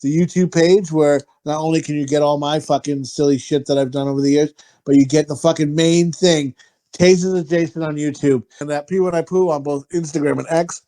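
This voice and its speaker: A man's voice: on the high side, fairly even intonation, a little fast, dark tone. A man hosting a comedy podcast in casual chat, crude and teasing. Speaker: podcast host.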